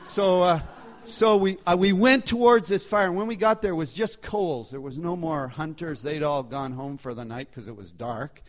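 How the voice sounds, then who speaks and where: A man telling a personal anecdote to a live audience in a chatty, animated way, his loudness shifting as he goes. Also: on the high side, normal speed. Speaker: storyteller.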